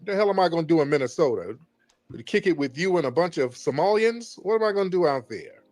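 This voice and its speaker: A man running a call-in stream talks in a taunting, mocking, commanding way. His voice sits a bit high for a man. The sound is dry and close, with no room around it. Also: expressive, quick pace, a little mellow, no room sound. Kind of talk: heated call-in argument.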